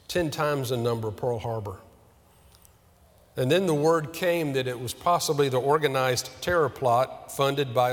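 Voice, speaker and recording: A man preaching a sermon as pastor, earnest and questioning, slowing down on key words. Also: medium pitch, big-room sound.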